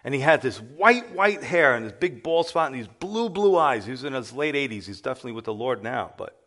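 A middle-aged male pastor gives a sermon as an animated testimony. He tells his story with energy and acts out the voices of the people in it, speaking at an ordinary mid pitch for a man. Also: a little fast.

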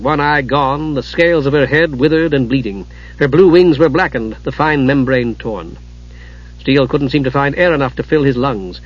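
A man narrating a fantasy audiobook in a steady, dramatic reading, on a dull lo-fi recording. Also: a little high, husky.

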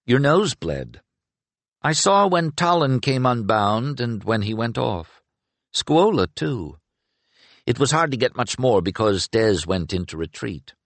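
A man's voice: mid-range voice, very animated, a little slow, fairly bright tone, no room sound, pitched above the performer's own voice. A man doing a wry, soothing young sorcerer.

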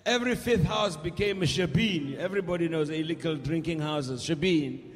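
Older South African man, bright high voice, humorous live-show storyteller who works the crowd; long hall echo, band underneath. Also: normal speed. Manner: wry, humorous storyteller who rouses the audience. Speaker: musician performing on stage. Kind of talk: live concert storytelling and crowd call-and-response. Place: concert hall stage. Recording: reverberant live hall with music behind.

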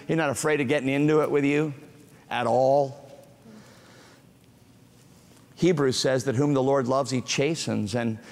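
A man's voice: medium pitch, vocal fry. A man preaching a sermon, emphatic and direct with the congregation, building to fervent proclamation. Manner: playful asides to the congregation. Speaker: pastor. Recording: preaching in a large reverberant hall.

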